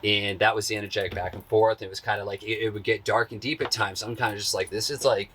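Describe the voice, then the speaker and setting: Laid-back man, bright tense tone. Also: fairly low pitch, fast talker, slight background noise. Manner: animated, acts out quotes in a raised voice. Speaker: interview guest. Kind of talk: casual storytelling.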